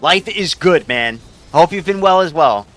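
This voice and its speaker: A young game streamer rambles through casual chat with his viewers, swearing freely as he goes. His voice sits a little high and comes across bright and forceful. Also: animated, moderate pace, soft background music. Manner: rambling, profane, talks back to chat.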